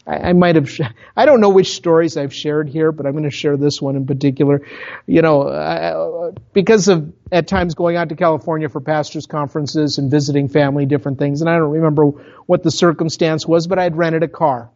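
A pastor from Minnesota with a Minnesotan accent, preaching a sermon in a conversational storytelling way, full of asides to the congregation. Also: male voice, on the high side, fairly even intonation, fairly quick, vocal fry, a little mellow, dull audio. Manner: conversational, with self-interrupting asides.

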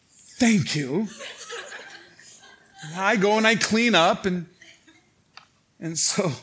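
High, bright-voiced joking pastor. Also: male voice. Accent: Chicago. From Illinois. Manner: animated, joking, acts out quoted dialogue. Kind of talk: storytelling sermon. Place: church stage before a congregation.

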